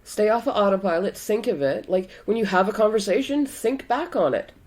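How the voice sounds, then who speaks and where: A woman's voice: mid-range voice, lively intonation, brisk, a little mellow. A woman co-hosting a casual podcast chat, talking bluntly and frankly, with casual swearing. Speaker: podcast co-host.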